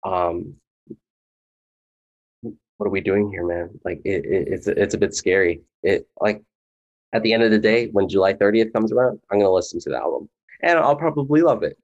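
A man with a very low voice chats on a podcast, earnest and rambling, leaning on fillers as he works through his thoughts. The sound is a bit dull and lo-fi. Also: normal speed, pauses often, darkish tone. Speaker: podcast co-host. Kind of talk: casual chat.

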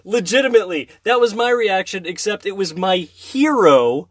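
A man in his thirties chats casually on a podcast, animatedly telling a story while humming tunes and acting out scenes. His voice sits high, his speed is normal, and there's no room sound.

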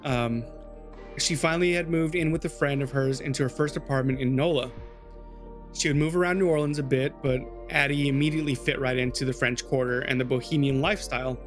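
A man's voice: mid-range voice, fairly even intonation, a little fast, soft background music. A man hosting a podcast, telling a true-crime story in a loose, chatty way with swearing and asides to his co-host.

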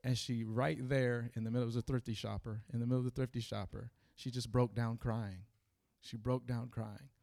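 A man preaching a sermon to a church gathering, talking in a halting way with many fillers, then building to fervent preaching. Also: medium pitch, little pitch movement, gravelly, a little mellow.

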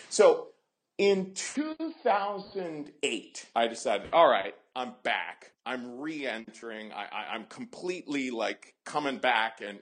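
A man's voice: medium pitch, husky. A middle-aged man from the American Midwest, telling stories from his own life as an interview guest and acting out his own past words. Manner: animated, acts out his own quotes. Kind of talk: conversational storytelling.

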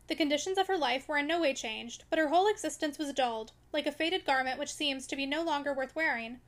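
Reading a classic novel aloud for an audiobook, the woman uses her high voice with lively expression and a brisk tempo.

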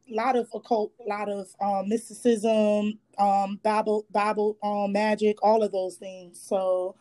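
A fairly high-voiced woman comes in over a phone call as a podcast guest. She is from North Carolina and sounds relaxed and sassy, often calling people "honey.". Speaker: guest, spiritual worker and tarot reader. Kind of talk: casual podcast interview.

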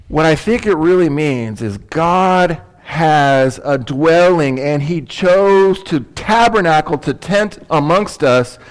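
A man preaching a sermon as pastor, conversational and emphatic, with asides and rhetorical questions. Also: on the high side.

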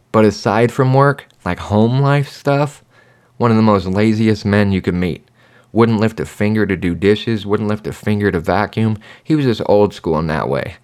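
A man hosting his own podcast, telling his life story in a blunt, profane, rambling monologue. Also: sits low. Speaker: podcast host. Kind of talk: candid personal monologue.

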